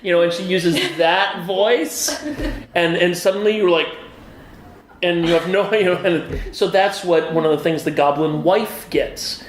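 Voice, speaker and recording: A middle-aged game designer with a high-pitched voice talks at a moderate pace in a casual, eager convention interview, animated and full of fillers. The busy, echoey hall gives faint ambience, and there's a little hiss or hum.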